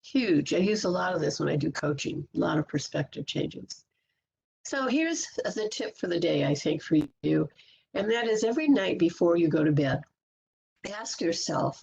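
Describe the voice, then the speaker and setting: Woman coach, low gravelly voice, lively webinar delivery, muffled lo-fi call audio, faint hiss. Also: brisk. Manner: lively, acts out everyday self-talk in quoted voices. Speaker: positivity coach presenting a webinar. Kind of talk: webinar talk.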